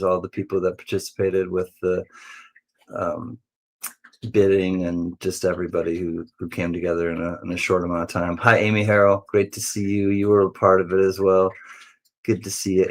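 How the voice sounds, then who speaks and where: Hosting a casual livestream, a man greets viewers one at a time in a friendly, meandering way, occasionally breaking into silly high voices. He speaks unhurriedly with fairly even intonation and long pauses.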